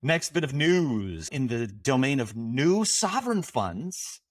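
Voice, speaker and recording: A man co-hosting a podcast, running through news items in a wry, joking way with quick asides. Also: mid-range voice, very animated, no echo, studio quality. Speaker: podcast co-host. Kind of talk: casual news chat.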